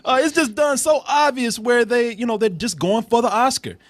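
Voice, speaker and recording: A man hosting a casual movie trailer reaction, talking in a profane, animated way with frequent laughs and repeated words. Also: extremely high pitch, normal speed. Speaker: film reviewer host.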